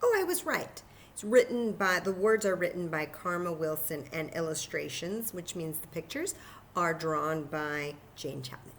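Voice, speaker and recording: Animated woman reading to kids. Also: lowish voice, moderate pace, a little hiss or hum. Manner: animated, enthusiastic, talks to children. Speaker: children's librarian. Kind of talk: children's story time reading.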